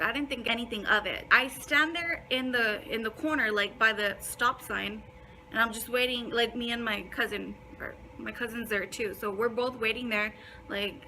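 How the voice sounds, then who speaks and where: A woman's voice: on the high side, fairly even intonation, normal speed, bright, forceful tone, slight background noise, rough recording. A young woman telling a casual storytime in a blunt way, swearing a lot and filling her talk with "like". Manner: blunt, heavy swearing, many fillers. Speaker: vlogger.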